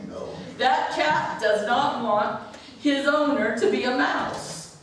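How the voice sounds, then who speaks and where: A woman pastor preaching a sermon with humorous, animated storytelling, heard echoing from a distance in a church sanctuary. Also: high-pitched, slow pace, slight background noise.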